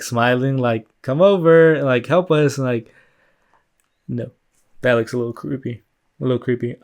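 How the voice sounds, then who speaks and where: A man hosting a solo podcast in a loose, rambling chat, full of fillers and swearing. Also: medium pitch. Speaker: podcast host.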